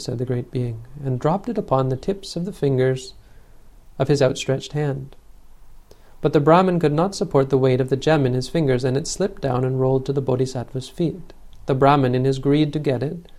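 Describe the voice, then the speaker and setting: A man reading an old legend aloud as a storyteller, in a measured, solemn way. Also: medium pitch, creaky, a little mellow.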